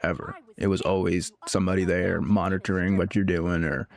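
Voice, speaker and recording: Laid-back male streamer, deep creaky voice, rambling, filler-heavy storytelling. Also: flat delivery, a little fast. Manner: rambling, heavy use of filler words, laughs often. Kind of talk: casual storytelling chat.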